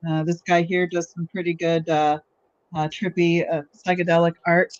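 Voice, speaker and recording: A woman guest on a podcast speaks in an unhurried, hesitant way about her crafts. The recording is dry and dull, like a cheap mic. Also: lowish voice, little pitch movement, no echo. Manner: hesitant, many fillers, unhurried. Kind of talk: casual podcast chat.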